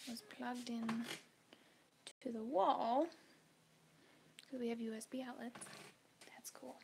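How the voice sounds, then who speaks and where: A woman with a slightly high, gravelly voice talks slowly through her sewing on a home livestream. She keeps slipping into muttered whispers to herself. The audio carries clear background noise. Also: steady tone, darkish tone. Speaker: sewing vlogger. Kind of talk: casual livestream chat while sewing.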